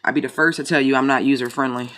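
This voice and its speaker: A man's voice: mid-range voice, a bit bright, slight background noise. Joking, foul-mouthed tarot-reading man. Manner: joking, profane, rambling. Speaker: tarot reader. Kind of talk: casual chat and tarot reading.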